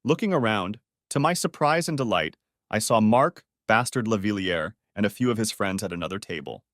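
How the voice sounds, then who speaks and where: A man narrating a scripted story in an expressive storytelling manner. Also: lowish voice, brisk, dry recording, clean studio sound.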